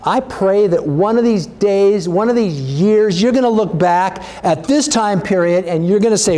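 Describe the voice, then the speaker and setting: Earnest pastor with a mellow voice. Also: male voice, expressive, normal speed, few pauses. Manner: earnest, urging, rises in pitch when exhorting. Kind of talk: sermon.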